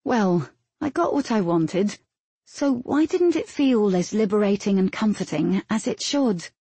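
A woman's voice: medium pitch, lively intonation, unhurried, warm tone, breathy edge, no room sound. A woman narrating a first-person novel in a reflective, introspective way. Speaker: audiobook narrator.

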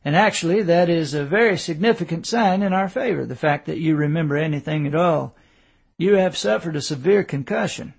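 A man's voice: on the high side, brisk, vocal fry, slightly rough. Chatty reassuring doctor, as a man plays him. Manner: reassuring, talkative.

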